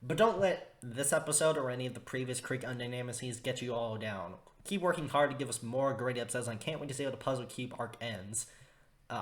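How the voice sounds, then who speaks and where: A young man talks through a cartoon review in a loose, rambling way. He keeps restarting his sentences, says "like" constantly, and piles on exaggerated disgust. His voice sits at an ordinary middle pitch for a man. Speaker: video reviewer. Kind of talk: casual opinion review.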